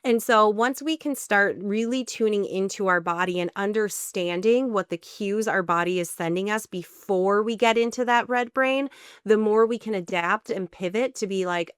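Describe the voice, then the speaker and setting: A woman's voice: mid-range voice, normal speed, smooth, dry recording, clean studio sound. A woman parenting coach, a guest on a podcast interview, explaining her method step by step. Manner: explanatory, lays out steps in order.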